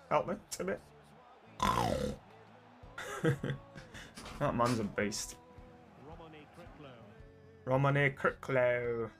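A young man commentating his own football video game match, muttering to his players and then yelling at them. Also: mid-range voice. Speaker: gaming streamer. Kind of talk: excitable gameplay commentary.

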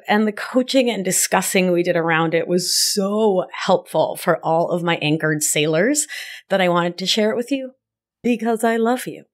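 A woman hosts her coaching podcast in a middle-pitched voice. She talks to the listener affectionately and keeps it chatty, often laughing at herself. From Argentina, raised in Rhode Island. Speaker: podcast host and life coach. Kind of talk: warm conversational podcast monologue.

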